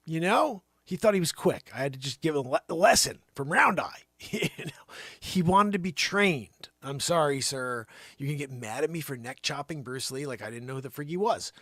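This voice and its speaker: Animated man doing improv comedy. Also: fairly high pitch, moderate pace, no echo, clean studio sound. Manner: animated, swinging from loud outbursts to near-whispers. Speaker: livestream host and comedian. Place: home studio.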